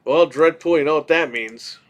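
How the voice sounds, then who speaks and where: A man co-hosting a casual podcast, telling a story in an animated way, swearing casually and acting out what people said. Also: on the high side, moderate pace. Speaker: podcast co-host.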